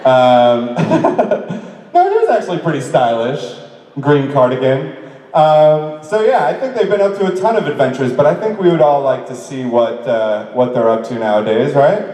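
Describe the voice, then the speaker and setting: A man's voice: medium pitch, big pitch swings, moderate pace, warm tone, far from the mic. A man from New York answering fan questions on a convention panel, chatty and self-deprecating, laughing often. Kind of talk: casual convention Q&A. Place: large convention hall with audience. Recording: echoey convention hall through a PA, heard from afar.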